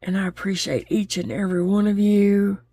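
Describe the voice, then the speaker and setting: A woman's voice: medium pitch, fairly even intonation, normal speed, warm tone, husky, no room sound. A woman chatting openly while she crochets, laughing easily as she talks. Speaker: crochet vlogger. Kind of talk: casual chat while crocheting.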